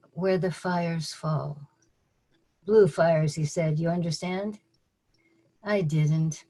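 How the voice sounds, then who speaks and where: An older woman poet reads her own poems at a virtual open mic over a video call, measured and deliberate, dropping dry asides between pieces. Her voice is lowish and darkish, and the audio quality is poor.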